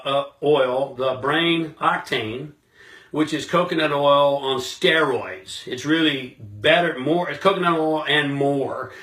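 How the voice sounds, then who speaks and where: A man's voice: a little high, pushed and bright, echoey room. A man giving a motivational self-help talk straight to his viewers, emphatic and punchy, with lots of repetition and rhetorical questions.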